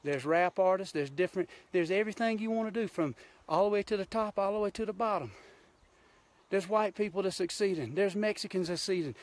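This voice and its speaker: A man's voice: sits high, brisk. A man from Georgia with a Southern accent, a hunting show host ranting bluntly and folksily on a live stream from a mountain outdoors, filmed on a handheld phone. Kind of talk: impassioned live-stream rant.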